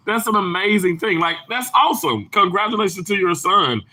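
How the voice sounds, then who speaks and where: Southern male livestream host, lively swooping delivery, bubbly and quick to laugh. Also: high voice. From Mississippi. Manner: bubbly, laughs often, bursts into exclamations. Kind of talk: casual chat reading viewer comments.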